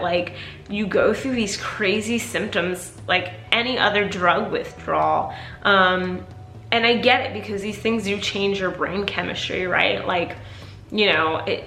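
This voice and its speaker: A woman's voice: medium pitch, pushed and bright. A tired woman vlogging candidly and casually, rambling with lots of fillers. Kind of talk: casual personal vlog talk. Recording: echoey room.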